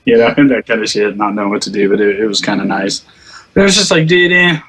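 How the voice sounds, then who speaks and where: Fast and fairly bright despite a lowish voice, this man swaps profane, laughter-filled gaming stories, performing each quote. There's slight background noise.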